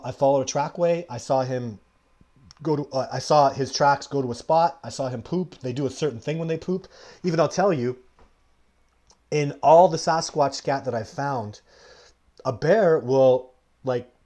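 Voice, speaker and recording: A man hosting a live question-and-answer stream, greeting viewers by name mid-sentence and telling an animated anecdote with frequent laughter. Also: medium pitch, moderate pace. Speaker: live show host. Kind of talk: live Q&A with storytelling.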